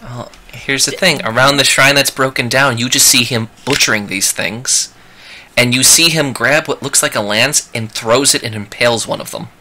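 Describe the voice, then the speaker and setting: A man running a tabletop game, his voice very bright and forceful. He narrates the action with excitable energy and laughs easily. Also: medium pitch, normal speed. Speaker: game master.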